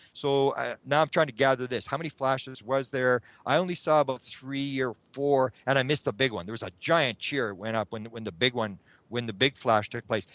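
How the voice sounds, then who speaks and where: Man, middle-aged, animated storyteller, dull muffled audio. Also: mid-range voice, dry recording. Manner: animated, acts out his own past thoughts. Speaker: guest, UFO researcher. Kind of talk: rambling anecdotal storytelling. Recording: dull lo-fi sound.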